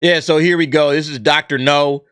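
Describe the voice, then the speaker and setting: A man's voice: a little high, steady tone, normal speed, fairly bright tone, clean tone, no room sound. A man giving casual reaction commentary, exasperated and mocking, reading headlines aloud between complaints. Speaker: YouTube commentator.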